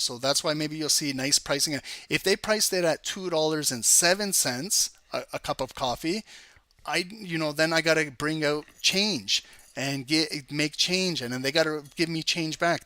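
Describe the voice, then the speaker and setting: A man who teaches trading, walking viewers through a live market analysis in an energetic, chatty way that teases the audience. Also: fairly high pitch, no echo. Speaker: trading educator.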